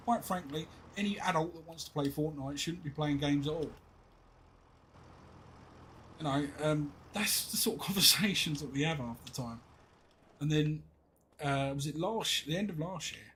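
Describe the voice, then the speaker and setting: Exasperated English dad, slightly high voice. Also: male voice, expressive, normal speed, pauses often, a bit bright, a little hiss or hum, rough recording. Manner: rambling, exasperated storytelling with laughs. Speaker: streamer. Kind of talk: casual chat while gaming.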